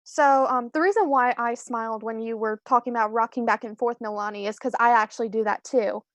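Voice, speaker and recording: A young woman with a voice on the high side talks briskly and in a steady tone as a screenwriter guest on a video call for a casual live-stream interview. She rambles, is self-deprecating and fills her speech with ums and restarts, and the recording is dry.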